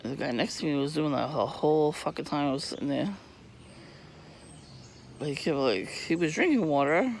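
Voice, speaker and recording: A man ranting casually outdoors on a residential street, profane and irritated, coughing and clearing his throat from asthma while he laughs often. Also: fairly high pitch, expressive, moderate pace, long pauses, slight background noise. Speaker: vlogger. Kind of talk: rambling casual monologue.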